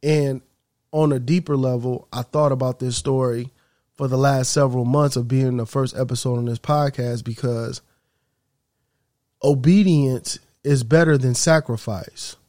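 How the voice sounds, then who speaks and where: A man's voice: mid-range voice, steady tone, unhurried, darkish tone, dry recording, studio quality. Earnest man telling a faith story. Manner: earnest and preaching. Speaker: podcast host. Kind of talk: faith-based storytelling and reflection.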